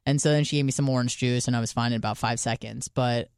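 Speaking fast in a very deep, clear, resonant voice, a woman co-hosts a podcast from a clean studio with no room sound. She relates a story casually and comically, with plenty of swearing, and lively acts out each side of the dialogue.

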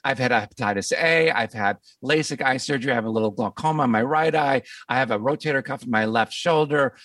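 A man's voice: mid-range voice, fast talker, fairly bright tone, no room sound, distant mic. A man hosting a podcast, chatting casually and enthusiastically, often repeating words as he rambles. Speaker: podcast host. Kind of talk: casual interview chat.

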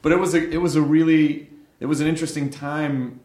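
A man's voice: on the high side, steady tone, brisk, darkish tone. A man hosting a casual interview podcast, joking and laughing often as he chats with his guest. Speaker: podcast host.

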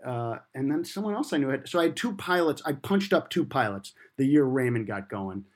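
A man's voice: mid-range voice, lively intonation, a little fast. A man in his fifties telling career stories in a casual interview, rambling and self-deprecating with many restarts. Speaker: guest comedy writer.

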